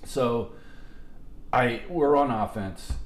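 A man's voice: medium pitch, slow, echoey room, a little hiss or hum. A middle-aged man telling long, rambling, profane stories to friends on a podcast, with restarts and laughter. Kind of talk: casual storytelling among friends.

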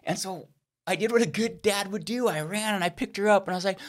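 Male preacher, middle-aged, high-pitched, animated storyteller. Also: fast. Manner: animated, acts out quoted voices. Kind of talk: sermon storytelling.

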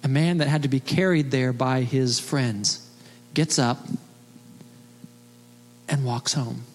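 A man's voice: mid-range voice, steady tone, slow. A man preaching a sermon as pastor, emphatic and fond of rhetorical questions. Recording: long reverb of a large hall.

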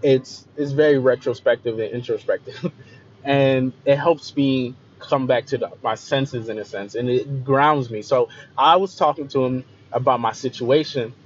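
A young man telling a personal story in a confessional way, repeating himself and often trailing off softly, on a dull lo-fi recording. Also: medium pitch, moderate pace. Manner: emotional, repeats phrases, voice trails off quieter. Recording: slightly dull lo-fi recording with faint noise.

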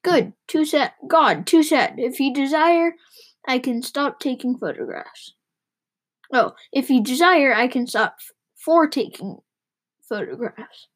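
A woman's voice: high-pitched, animated, measured pace. Woman playing a bellowing reckless coach driver. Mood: mock-solemn. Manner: bellowing, singsong, riddling. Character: reckless boastful male mail-coach driver.

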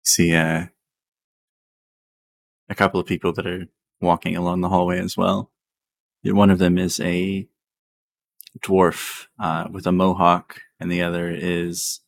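Slow, very low-voiced man narrating a game. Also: gravelly. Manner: slow, relaxed, swears casually. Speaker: game master.

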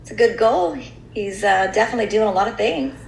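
A woman's voice: medium pitch, animated, brisk, vocal fry, echoey room, a little hiss or hum, rough recording. A middle-aged woman with an American accent, a radio host chatting candidly and casually, dropping in "you know" often. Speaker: radio host and voiceover artist. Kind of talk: casual chat.

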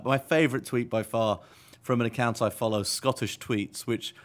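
A man's voice: lowish voice, fairly even intonation, brisk. A man co-hosting a casual podcast chat, dry, joking and chatty. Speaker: podcast co-host.

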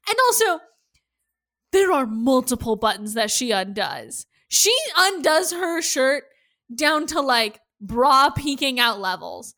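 A woman with a high, bright voice chats casually as a podcast co-host, her pitch swinging widely. She is animated and swears freely. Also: slow. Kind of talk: casual chat.

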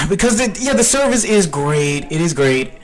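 A man's voice: on the high side, sing-song, moderate pace, crowd noise. A man co-hosting a podcast in casual chat, laying out explanations step by step. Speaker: podcast co-host.

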